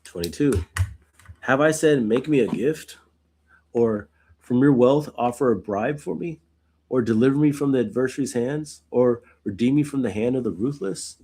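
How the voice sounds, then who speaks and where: Reading verses aloud at a normal speed, this man hosts a Bible study and follows each passage with casual explanation. His medium-pitched voice is mellow with a breathy edge, and he keeps asking "right?"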